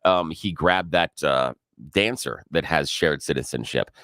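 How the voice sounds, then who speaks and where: A man co-hosting a radio talk show, backing up his partner with quick affirmations and an occasional chuckle. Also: rumbling low, bright, forceful tone, dry recording, studio quality. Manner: supportive, frequent short affirmations, chuckling.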